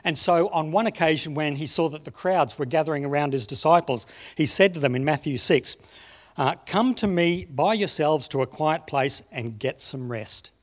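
A man preaching a sermon, telling stories and slowing down on key phrases. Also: a little high. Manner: storytelling, slows down for emphasis. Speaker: pastor.

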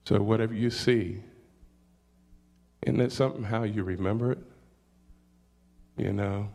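A man's voice: fairly low pitch, gravelly, a little mellow. An older man preaching a sermon, reading scripture aloud and calling out hallelujah between points. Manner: slow, deliberate delivery with scripture readings and call-outs.

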